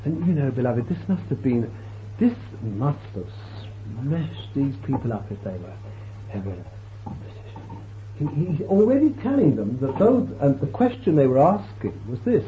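A man's voice: on the high side, very animated. A man preaching a sermon in an emphatic, dramatic way, his voice rising and falling as he quotes and explains scripture. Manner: emphatic, slow, dramatic swells and drops. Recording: tinny lo-fi recording with faint hiss.

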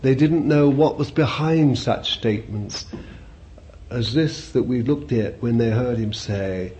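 With repeated phrases and questions aimed at his listeners, a man delivers a conversational sermon. His mid-range voice is warm and unhurried. The recording is lo-fi and dull, carrying a faint hiss.

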